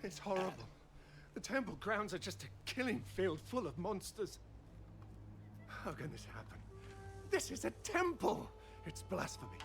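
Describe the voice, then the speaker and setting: A man's voice: high-pitched, sing-song, moderate pace, vocal fry, long pauses, soft background music, heavily acted. A man voicing a frightened temple refugee in a video game, anxious and pleading. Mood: distressed. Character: frightened male temple refugee, grateful and distressed.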